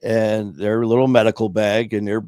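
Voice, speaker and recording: A man's voice: on the low side, flat delivery, moderate pace, a little mellow, smooth, no room sound, clean studio sound. A man in his sixties from Michigan, hosting a podcast and telling loose, profane stories full of "man" and "you know". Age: 60s. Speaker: podcast host. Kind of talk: casual storytelling interview. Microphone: streaming podcast mic.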